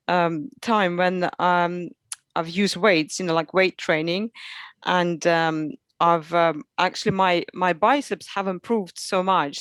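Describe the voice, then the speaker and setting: A woman's voice: lowish voice, dry recording. A mother, a guest on a podcast, telling chatty anecdotes full of fillers. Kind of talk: casual interview storytelling.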